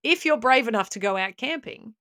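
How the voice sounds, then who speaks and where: A woman's voice: a little high, animated, brisk, pushed and bright, dry recording, studio quality. An Australian woman co-hosting a comedy podcast, telling a legend in a mock-serious, tongue-in-cheek way. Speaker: podcast co-host. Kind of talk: comic podcast storytelling.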